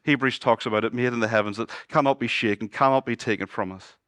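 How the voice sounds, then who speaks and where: A man preaching a sermon as pastor, moving between loud exclamations and hushed, low passages and asking his congregation questions. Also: quick pace, dry recording, clean studio sound. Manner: asks the congregation questions and jokes with them. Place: church.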